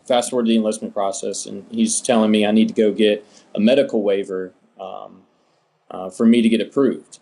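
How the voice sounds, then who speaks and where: A young man from the United States, an interview guest, telling his story in a relaxed, rambling way with many fillers. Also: fairly low pitch, brisk, gravelly. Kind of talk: casual storytelling.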